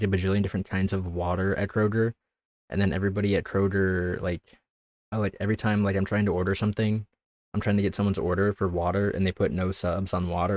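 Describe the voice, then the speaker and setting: A young man with a low-pitched, slightly mellow voice chats casually while streaming a game, with background music playing and no echo. His commentary rambles, he laughs often, and he trips over his words.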